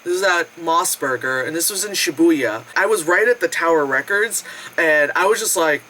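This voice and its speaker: Vlogger, bright forceful voice, animated storyteller who swears a lot, faint background hiss. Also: moderate pace, rough recording. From United States. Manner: animated, acts out quotes with big pitch jumps, frequent laughs and swearing. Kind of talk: casual storytelling food vlog.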